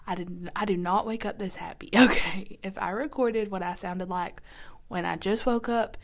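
A woman hosting a casual devotional podcast, chatty and upbeat, often dropping to a soft whisper, recorded in a quiet church nursing room. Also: medium pitch, steady tone, moderate pace. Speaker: podcast host.

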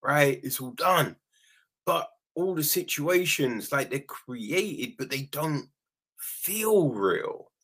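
Brief: male film reviewer, casual critique, husky tone, animated delivery full of "right?" and acted-out bits. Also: on the high side. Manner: animated, keeps asking "right?", acts out quick quoted lines, swears freely.

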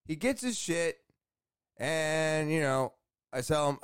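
Man, high voice, casual vlog storyteller, animated and exasperated, cursing freely. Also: slow, clear, resonant tone. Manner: animated, exasperated, swears often. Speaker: vlogger telling a story. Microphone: camera facing speaker.

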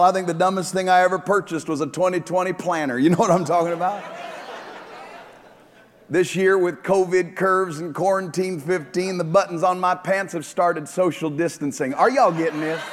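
A man's voice: high-pitched, big-room sound, a little hiss or hum. A man preaching a sermon as pastor, joking with the congregation and driving points home emphatically.

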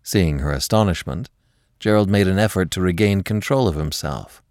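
A man narrating a classic story in a measured, expressive reading. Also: low-pitched, no room sound, studio quality.

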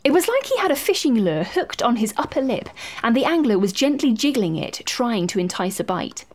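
Female narrator, wry and expressive, lively intonation. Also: a little high, brisk. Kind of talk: storybook narration.

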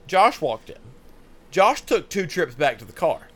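A man's voice: fairly high pitch, big pitch swings, unhurried, fairly bright tone, slightly rough. A young man casually telling a funny, profane story on a podcast, laughing often. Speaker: podcast host.

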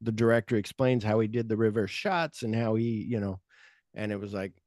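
A man's voice: fairly low pitch, brisk, a little mellow, dry recording, studio quality. A man hosting a podcast, chatting casually about movies in a loose, rambling way with lots of filler words. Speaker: podcast host. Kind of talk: casual film chat.

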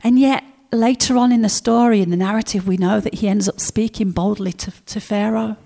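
A woman preaching a sermon, telling stories in a lively way and acting out the characters. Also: medium pitch, a little fast, creaky.

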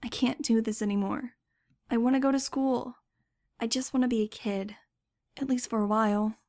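Woman reading an eleven-year-old girl for an audiobook: eager, pleading, high and lifted, with a gravelly edge underneath. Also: fairly even intonation, moderate pace, a little mellow, lightly acted.

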